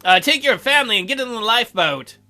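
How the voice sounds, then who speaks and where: A man's voice: very high-pitched, animated, fast talker, pushed and bright, soft background music. A young man joking and commenting crudely while playing a game. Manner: crude, playful. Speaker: let's play host.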